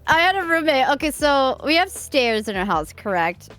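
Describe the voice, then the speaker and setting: A woman streamer chatting casually on a live stream, telling stories in a giggly, animated way. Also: high voice, normal speed, faint music behind.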